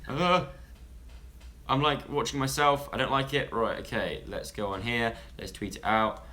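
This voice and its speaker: A man's voice: mid-range voice, normal speed, bright, forceful tone, a little hiss or hum. A young man from England chatting casually on a live stream, rambling and interrupting himself as he talks to viewers.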